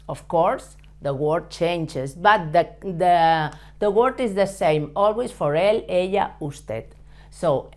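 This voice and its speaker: Woman teacher going thru a lesson real slow, lowish voice, lots of pauses n repeats. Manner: patient, repeats words and hesitates often. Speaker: Spanish teacher. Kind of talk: step-by-step language lesson.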